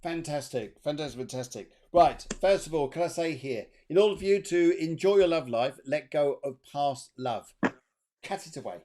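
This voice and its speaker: Chatty and upbeat, this male medium co-hosts a psychic reading livestream, relaying messages and breaking into snatches of falsetto song. He speaks at a moderate pace, sounding animated and mellow.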